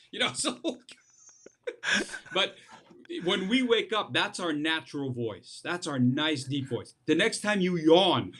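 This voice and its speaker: A man's voice: fairly high pitch, animated, unhurried, a bit bright. A middle-aged man, a speech coach, giving tips as a guest in a playful, joking, demonstrative way.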